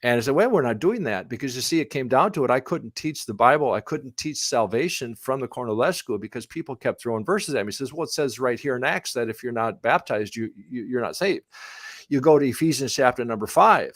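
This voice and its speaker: A middle-aged man, a missionary pastor whose first language is English, answering questions in a live conversation, rambling with many restarts and growing animated when he tells stories. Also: mid-range voice, fairly quick, dry recording, clean studio sound. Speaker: missionary pastor and Bible translation theologian.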